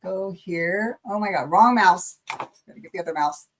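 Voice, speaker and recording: A woman's voice: fairly low pitch, normal speed, low-quality recording. A woman hosting a casual livestream of spiritual readings, chatting in an upbeat, easily delighted way.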